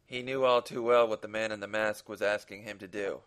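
A man's voice: on the low side, steady tone, a little fast, a bit bright, clean tone. A man who hosts a podcast reads his own short story aloud, in an earnest, dramatic manner with a few small restarts.

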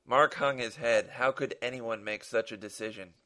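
A man's voice: fairly low pitch, normal speed, few pauses, bright, forceful tone. Man reading his own story aloud. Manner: earnest dramatic reading with small restarts.

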